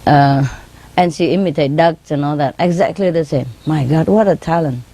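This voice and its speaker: Lower-voiced woman telling chatty pet stories. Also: normal speed, warm tone, rough recording. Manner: chatty, laughs often, playfully mimics her birds' chirps and calls; non-native English grammar, frequent "you know". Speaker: spiritual teacher. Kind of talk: informal anecdote told to an audience.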